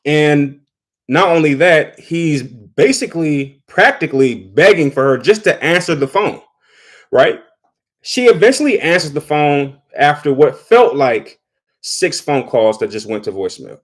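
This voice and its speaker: A man's voice: a little high, expressive, unhurried. Chatty man reacting on camera. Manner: conversational, repeats words while thinking. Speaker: vlogger. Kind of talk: casual commentary.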